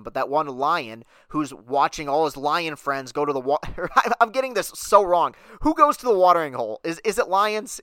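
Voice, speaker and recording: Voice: medium pitch, a bit bright, no room sound. A podcast host delivering a heated, sarcastic sports talk monologue on a close mic.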